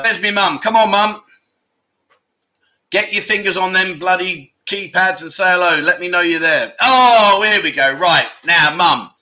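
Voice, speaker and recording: A man's voice: high-pitched, bright, forceful tone. A middle-aged man hosting a casual livestream chat, teasing and talking loosely with many restarts. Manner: chatty, teasing, restarts often. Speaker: livestream host.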